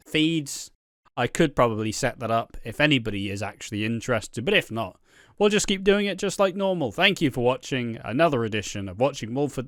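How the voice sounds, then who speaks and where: A man's voice: mid-range voice, fairly bright tone, no room sound, clean studio sound. A young man hosting a podcast in casual, sweary, laid-back chat. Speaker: podcast host.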